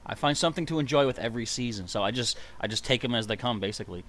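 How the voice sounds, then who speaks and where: A man giving live gameplay commentary, excitable and chatty, reading out viewer comments. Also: medium pitch, racing. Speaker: streamer playing a video game.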